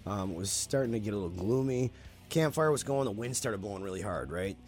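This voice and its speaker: A man's voice: on the low side, animated, a little fast, a little mellow, soft background music. A man casually telling a spooky story on a podcast, swearing freely and talking animatedly.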